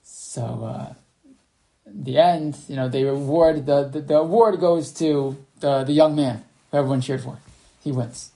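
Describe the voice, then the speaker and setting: A man's voice: medium pitch, a little slow, gravelly, warm tone. A man teaching a Torah class over a video call, telling a story and reading sources, with many fillers and restarts. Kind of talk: online class lecture.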